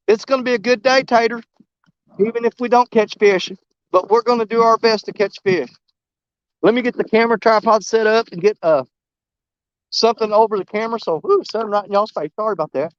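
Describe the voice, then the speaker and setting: Excitable man on a river bank. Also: sits high, moderate pace, long pauses, clear, resonant tone, dry recording, dull audio. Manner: excitable, emotional, talks to viewers directly. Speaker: fishing vlogger. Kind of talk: casual outdoor vlog. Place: outdoors on a muddy river bank. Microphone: camera mic muffled against the wind.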